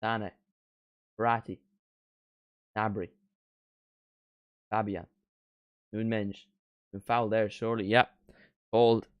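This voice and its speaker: Excitable young man commentating live. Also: lowish voice, slow, long pauses, clean tone, no room sound, lo-fi sound. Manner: excitable, shouts at big moments, chats to stream viewers. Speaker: watchalong streamer. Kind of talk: live football watchalong commentary.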